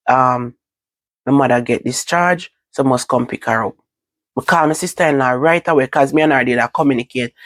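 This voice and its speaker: A woman's voice: extremely low pitch, no room sound. Jamaican woman telling a personal story. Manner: halting, repetitive recounting. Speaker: vlogger.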